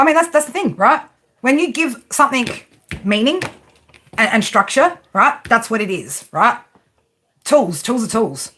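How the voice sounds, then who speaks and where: A woman's voice: a little high, pushed and bright. A woman who reads tarot, ranting unscripted on her stream, swearing freely and firing off rhetorical questions with a constant "right?". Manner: profane and combative, rhetorical questions, frequent "right?". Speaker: tarot and spiritual reader. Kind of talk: unscripted livestream rant.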